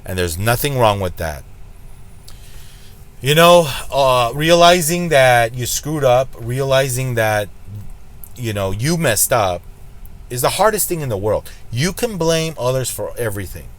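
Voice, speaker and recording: Talking about gambling in a casual vlog, this slots channel host uses a mid-range, sing-song voice at a slightly slow pace. His tone is blunt and preachy, and he drives his warning home by saying it repeatedly.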